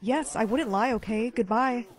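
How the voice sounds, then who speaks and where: A woman's voice: a little high, normal speed, slight background noise, close to an everyday voice. Blunt dismissive young woman, played by a woman.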